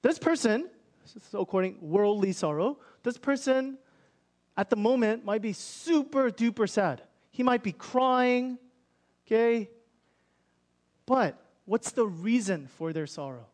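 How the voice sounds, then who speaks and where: A man's voice: sits high, expressive, slow pace, a little mellow. A young man preaching a sermon in an earnest, conversational way, acting out people's inner thoughts as he explains. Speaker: pastor.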